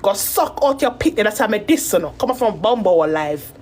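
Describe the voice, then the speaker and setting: Talking directly to camera, a Jamaican content creator launches into a rambling, emotional rant laced with profanity. Her mid-range voice swings widely in pitch, runs a little fast, and has a slightly mellow quality.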